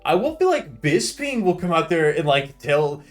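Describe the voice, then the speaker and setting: A man's voice: fairly high pitch, very animated, normal speed, faint music behind. A man co-hosting a podcast in casual chat, loose and profane, often dropping into exaggerated impressions. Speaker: podcast co-host.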